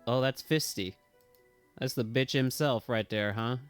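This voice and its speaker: Excitable man streaming a game, music behind. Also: mid-range voice, a little slow, clean tone. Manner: excitable, swears freely, yelps and talks to chat. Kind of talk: casual live gameplay commentary.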